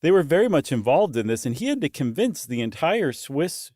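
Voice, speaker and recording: A man's voice: on the high side, brisk, no echo. Jokey male podcast co-host, dry sound. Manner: jokey, animated asides. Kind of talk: casual chat.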